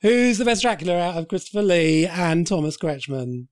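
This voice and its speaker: Guy slightly high voice, dry jokes about old films. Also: normal speed, darkish tone. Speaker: podcast co-host. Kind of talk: casual film chat.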